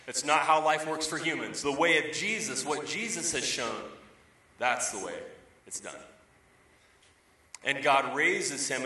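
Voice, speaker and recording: Pastor preaching in a roomy hall. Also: male voice, on the high side, sharp tone. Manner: conversational storytelling, emphatic repetition. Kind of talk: sermon. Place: church sanctuary. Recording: roomy, distant from the mic.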